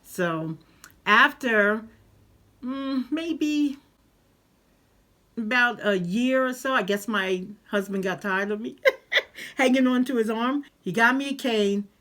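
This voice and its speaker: Animated woman telling a story. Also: fairly high pitch, slow, long pauses. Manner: animated, acts out quoted voices. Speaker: vlogger. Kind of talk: casual storytelling.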